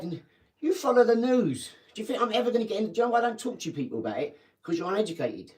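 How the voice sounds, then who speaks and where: A man's voice: high-pitched, sing-song, very fast, darkish tone. English man, 40s, combative live-stream lecturer, off-mic in an echoey kitchen. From England. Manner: lecturing, combative, talks down to viewers. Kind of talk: ranting live-stream monologue. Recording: echoey room, mic at a distance.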